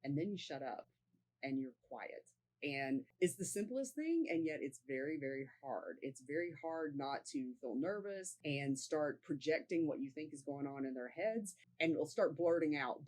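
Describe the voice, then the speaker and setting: A woman's voice: low-pitched, expressive, moderate pace, darkish tone, rough recording. A woman sales coach giving a casual tutorial to camera, talking conversationally and often checking in with "right?".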